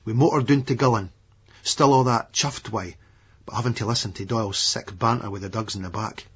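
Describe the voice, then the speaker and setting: A man's voice: lowish voice, fairly quick, a bit bright, slightly rough. A man with an Edinburgh Scottish accent, narrating a gritty audiobook in a blunt, foul-mouthed first-person way. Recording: dull lo-fi remastered audiobook recording.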